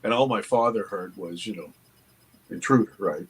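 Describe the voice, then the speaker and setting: A man, an interview guest, earnestly telling a personal story with halting restarts. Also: fairly low pitch, breathy edge, low-quality recording. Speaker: interview guest, documentary producer.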